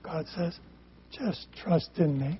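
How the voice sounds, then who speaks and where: A man preaching a sermon in short phrases, pausing so an interpreter can follow. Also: on the high side, breathy edge, dull audio.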